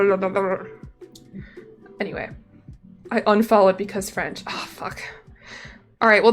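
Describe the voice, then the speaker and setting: A young woman streaming, chatting casually and rambling with lots of fillers and restarts. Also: medium pitch. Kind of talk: casual live-stream chat. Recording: faint music behind.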